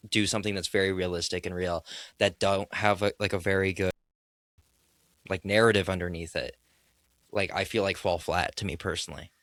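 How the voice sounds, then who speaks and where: A man speaking as a guest filmmaker in a casual film discussion, excitable and rambling, with many restarts and fillers. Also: low-pitched, no room sound, studio quality.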